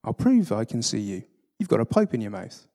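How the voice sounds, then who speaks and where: A man reading aloud and voicing an earnest, kind young girl, pleading and raised in pitch. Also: big pitch swings, fairly quick, mellow.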